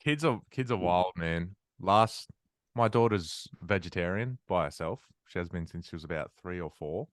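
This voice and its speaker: A very low-voiced man in his thirties, talking in a relaxed, dry-humored way. His voice is close and dry, with no room sound around it. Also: moderate pace, no room sound. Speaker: guest, metal musician. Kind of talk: casual chat.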